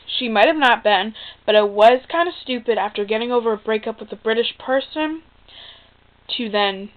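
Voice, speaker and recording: Young girl ranting into a cheap mic, kinda high voice, tinny phone sound, lots of likes and ums. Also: lively intonation, normal speed. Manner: chatty, filler-heavy, exasperated. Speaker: vlogger. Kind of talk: casual opinion vlog.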